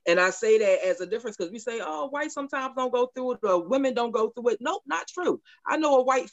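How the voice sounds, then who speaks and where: A woman's voice: medium pitch, no echo, muffled recording. A middle-aged woman telling a personal story candidly in a casual group chat, laughing often.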